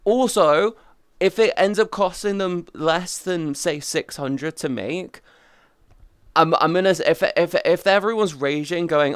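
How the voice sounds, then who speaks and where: Smooth-voiced man, rambling stream chat. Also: high-pitched, normal speed, dry recording, clean studio sound. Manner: rambling, profane, restarts often. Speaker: live streamer.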